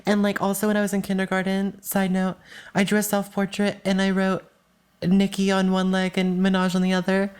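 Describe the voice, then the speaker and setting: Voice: medium pitch, completely flat delivery, a little fast, smooth. A podcast co-host speaking in casual, offhand chat with many fillers.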